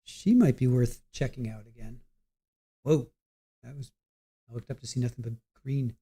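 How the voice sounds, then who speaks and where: A man hosting a live stream chats loosely with his viewers. He talks straight to the chat, trails off, and starts his sentences over. His voice is mellow and rather dark, at an ordinary male pitch. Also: moderate pace, slightly rough. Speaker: livestream host. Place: home setup at a computer.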